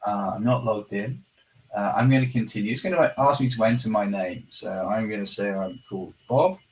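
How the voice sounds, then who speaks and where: A man casually presenting a screen-share software demo, chatty and self-deprecating, often restarting his phrases. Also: fairly low pitch, moderate pace, far from the mic, low-quality recording.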